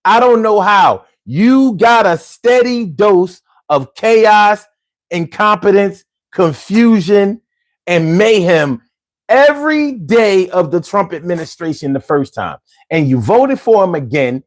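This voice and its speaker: A man hosting a casual livestream, reading chat and talking in street slang, swinging from low mutters to loud exclamations. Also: expressive, takes it slowly. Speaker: livestream host. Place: home.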